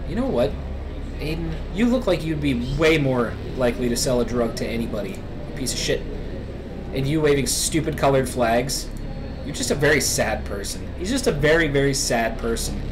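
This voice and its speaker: A man's voice: mid-range voice, noisy background. A young man giving emotional, profanity-laden let's play commentary, rambling as he reacts. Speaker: gaming YouTuber.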